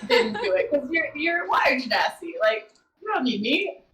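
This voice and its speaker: A woman recounts an earlier adventure from a tabletop game in a playful, casual way. Her voice sits a little high. She speaks as one of the players at the table. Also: big pitch swings, moderate pace, a bit bright, low-quality recording. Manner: storytelling, playful.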